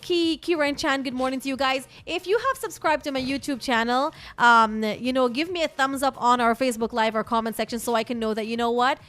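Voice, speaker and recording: A woman's voice: sits high, brisk, hardly any pauses, fairly bright tone. A chatty, bubbly woman co-hosting a casual morning radio show, laughing often. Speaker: radio co-host.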